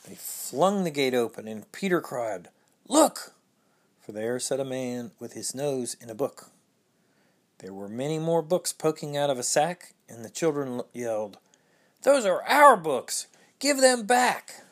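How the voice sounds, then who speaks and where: A storyteller reading a rhyming children's picture book aloud in an expressive, sing-song way. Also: medium pitch, normal speed.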